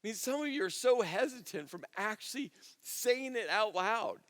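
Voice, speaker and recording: High-voiced preacher in a reverberant hall. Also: male voice, animated, normal speed. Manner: conversational preaching, repeats phrases, drops to near-hush on key words. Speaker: pastor. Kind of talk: sermon.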